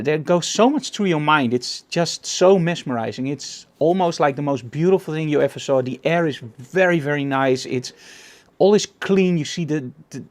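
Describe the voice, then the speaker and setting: A man with a Dutch accent giving a live photography presentation, enthusiastic and repeating words for emphasis. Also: on the high side. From Netherlands.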